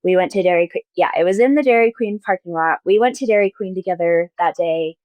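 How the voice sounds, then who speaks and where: A young adult woman on close mic, telling a personal story as an interview guest in a soft, hesitant way, with many likes and restarts. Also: fairly low pitch, fast talker, no room sound, phone-quality sound. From Mormon-majority town in the US.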